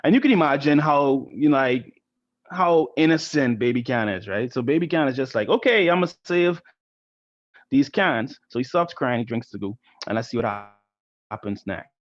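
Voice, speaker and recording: A volunteer art teacher from the Bahamas reads a story to children over a video call, chatting along and often asking them "right?". Heard through a computer mic, his medium-pitched voice is a little fast, with the highs cut off.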